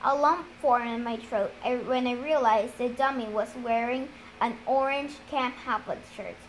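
A woman reading a novel aloud in a steady, deliberate storytelling manner. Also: fairly high pitch, slight background noise, rough recording. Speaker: reader. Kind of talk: audiobook-style reading of a novel.

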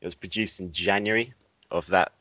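A man's voice: deep voice, fairly quick, pushed and bright, slight background noise. A man co-hosting a casual podcast chat, steering topics and laughing often. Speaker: podcast co-host. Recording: dull lo-fi sound.

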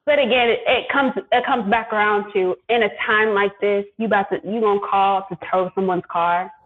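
Woman, emphatic storyteller, colloquial, husky voice, tinny phone sound. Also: medium pitch, steady tone, fairly quick. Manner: emphatic, vents with colloquial asides and quoted exchanges. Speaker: podcast guest. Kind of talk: animated storytelling in casual chat.

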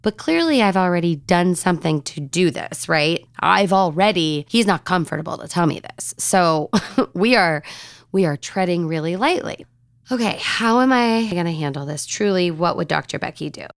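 A woman hosting a podcast, telling a personal story in an animated, chatty way. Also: fairly low pitch, moderate pace, creaky, clear, resonant tone, no echo, clean studio sound. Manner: animated, chatty, acts out conversations. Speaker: podcast host.

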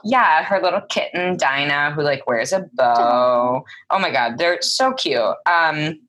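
A young woman co-hosting a casual chat, animated and full of fillers, swearing now and then. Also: deep voice, unhurried. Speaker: podcast co-host.

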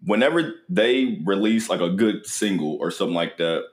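A young man with a lowish voice hosts a casual podcast interview. He jokes constantly and his pitch leaps up when something excites him. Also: moderate pace. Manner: animated, joking, swings up high when excited. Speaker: podcast host.

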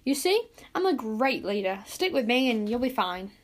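A woman's voice: on the high side, sing-song, normal speed. A woman reading a storybook aloud, voicing a reckless, boastful young boy wizard with an eager, bossy manner. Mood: confident. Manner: eager, bossy, self-assured.

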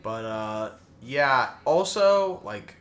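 A man's voice: medium pitch, expressive, very slow, fairly bright tone. A young man, a podcast co-host, teasing his friends in casual chat and swearing often.

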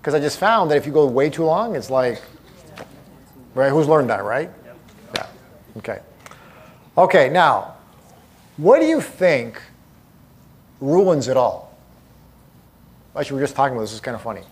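A man's voice: mid-range voice, very animated, moderate pace, long pauses, breathy edge. A man leading a live seminar, speaking emphatically and asking the audience questions directly. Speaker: motivational speaker.

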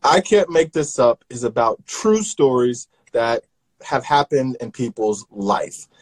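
A man hosting a live stream storytelling show, calmly explaining how viewers can send questions. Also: mid-range voice, measured pace, breathy edge, rough recording. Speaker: host.

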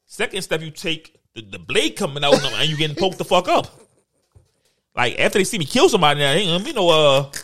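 A man's voice: on the high side, big pitch swings, a little fast, pushed and bright. A man co-hosting a casual podcast chat, brash and boastful, often stammering and repeating his words. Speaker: podcast co-host.

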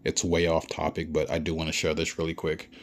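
A man's voice: a bass voice, monotone, brisk, slight background noise. A man giving a blunt, profane ranting monologue, lecturing the listener and repeating himself for emphasis. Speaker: vlogger.

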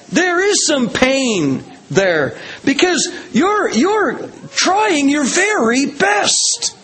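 A man's voice: very high voice, a bit bright, breathy edge, poor audio. A man preaching a sermon to a congregation, earnest and emphatic, stacking repeated phrases to build his points. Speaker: pastor. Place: church hall with a congregation.

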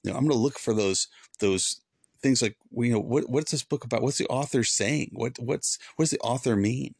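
A man's voice: mid-range voice, brisk, vocal fry, a little mellow, slightly rough, no room sound, clean studio sound. A man who is a former pastor, hosting a devotional podcast in an earnest, preachy way and repeating points for emphasis.

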